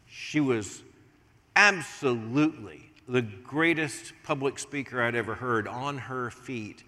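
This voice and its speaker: An older American man preaching a sermon as pastor, swinging from hushed asides to emphatic points. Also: mid-range voice, slow. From United States. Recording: long reverb of a large hall.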